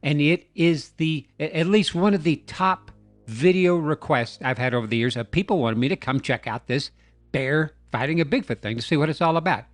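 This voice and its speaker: A man hosts a comedic video breakdown and narrates the clip with playful, joking asides. His voice sits fairly high for a man. The recording is dry and close, with faint music underneath. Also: fairly quick, no room sound. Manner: jokey, playful storytelling. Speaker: YouTube host.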